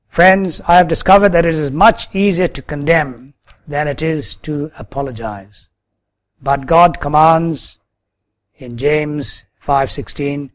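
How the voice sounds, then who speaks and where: Slow, earnest preaching man. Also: a little high. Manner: earnest storytelling testimony. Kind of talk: sermon.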